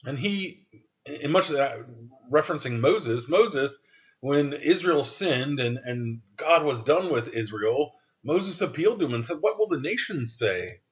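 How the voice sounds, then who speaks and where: A man's voice: on the high side, animated, unhurried, muffled recording. A man preaching a sermon as pastor, reading scripture aloud in an earnest way with some restarts.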